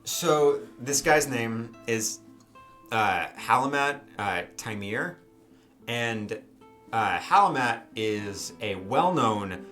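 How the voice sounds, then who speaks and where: A man's voice: medium pitch, lively intonation, slow, bright, forceful tone, faint music behind. A man running a tabletop role-playing game as game master, narrating loosely and using many fillers like "um" and "like".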